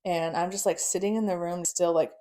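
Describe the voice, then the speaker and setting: A woman's voice: lowish voice, fairly even intonation, fairly quick, warm tone. A young woman telling a personal story casually and bluntly, swearing often. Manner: blunt, frequent swearing, nervous laughs. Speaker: guest.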